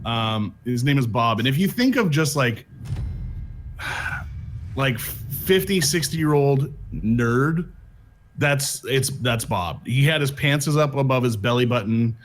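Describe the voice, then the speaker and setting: A man chatting casually while streaming a game, telling a long story with lots of restarts. His voice swings up and down with animated pitch. A faint noise sits under the recording. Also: unhurried. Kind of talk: casual chat while gaming.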